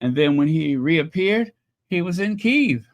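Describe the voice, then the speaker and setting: Man, livestream host, casual rambling commentary, higher pitch, slow unhurried delivery. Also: lively intonation. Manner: chatty, mocking, drawn-out pauses and fillers. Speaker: channel host reading super chats.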